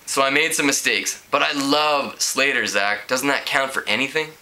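A man's voice: mid-range voice, normal speed, pushed and bright, voice pushed up, low-quality recording. A man reading out a heartbroken teenage girl who complains melodramatically. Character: dramatic heartbroken teen girl.

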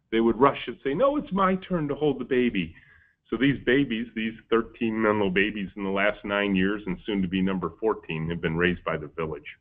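Low-voiced man telling stories, phone-like audio. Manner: lively storyteller, acts out quoted dialogue. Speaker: company founder giving a webinar talk. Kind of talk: storytelling keynote. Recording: tinny phone-like webinar audio.

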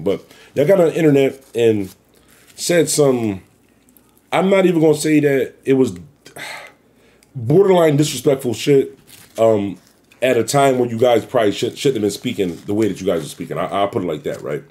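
A man hosting his own commentary show, talking bluntly and profanely in a rambling, animated way. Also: mid-range voice. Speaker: YouTube commentary host. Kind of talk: casual commentary rant.

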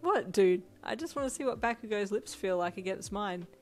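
A woman's voice: medium pitch, expressive, normal speed, soft background music, close to an everyday voice. A woman reading a cheeky, teasing teen boy.

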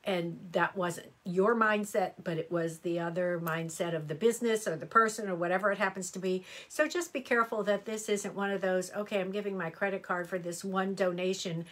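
A woman's voice: medium pitch, steady tone, a little fast, hardly any pauses, fairly bright tone. A middle-aged woman reading horoscopes on a live stream, chatty and exclamatory, answering viewer comments as she goes. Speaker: astrology reader.

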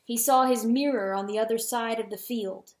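A woman reads a storybook with drama, lingering on grave words. Her voice sits fairly high for a woman and carries a roomy echo. A home reading with a lively storyteller's pull. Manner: dramatic, slowing on solemn words. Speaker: audiobook reader.

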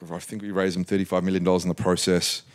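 A man around forty, a guest in an interview, telling a lively story and acting out what others said. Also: sits low, fast talker, clean tone. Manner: lively anecdotal storytelling, acts out quotes. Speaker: interview guest, mining investor.

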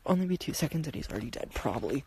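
A young woman streams live from her phone as she creeps around her house and yard after dark. She talks casually and jumpily, full of "like" and quick swears, and often sinks to a hushed whisper. Faint background noise and clicks sit under her voice. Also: deep voice, sing-song. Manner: jumpy, swearing, lots of "like" and "oh my god". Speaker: livestreamer.

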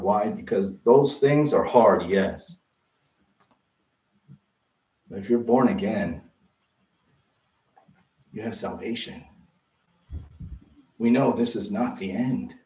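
A man preaching a sermon as pastor, lively and conversational, full of rhetorical questions. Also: on the low side. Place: church sanctuary. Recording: roomy sound from a distance.

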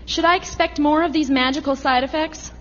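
A woman's voice: high-pitched, steady tone, brisk, in a large hall, muffled recording, natural voice. An actress playing an emotional, defensive young woman in a radio drama. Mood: shaken. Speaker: lead character, young woman.

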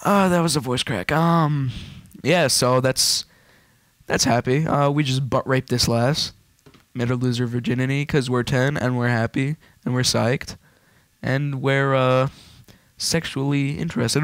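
Hyper, fast-rambling male gamer. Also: mid-range voice, steady tone, fairly bright tone, no echo. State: wired on energy. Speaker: let's play gamer. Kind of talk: video game commentary.

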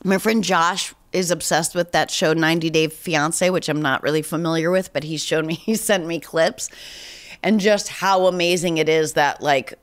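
Her voice is low and steady, moving at normal speed, with a slightly nasal sound as though she's got a cold. As a podcast host responding to voicemails in casual conversation, she rambles, mocks herself, keeps restarting her sentences, and laughs frequently.

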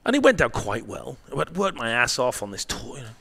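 Brief: male guest, lively pitch, swears freely, punchy anecdotal delivery, checks in with "right?". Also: brisk, creaky. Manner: profane, animated storyteller with tag questions. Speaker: guest, marketing professor. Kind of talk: candid storytelling interview.

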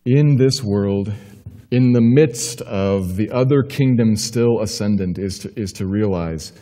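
A male pastor delivers a sermon in a church, his mellow, warm voice ringing with a long reverb. He preaches emphatically, climbing into urgent questions and then sinking low and quiet to reassure. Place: church sanctuary.

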